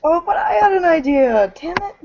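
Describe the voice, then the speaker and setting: A woman's voice: very high voice, expressive, moderate pace, a little mellow, highs cut off. A woman playing in a tabletop game, chatty and bluntly teasing. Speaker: player.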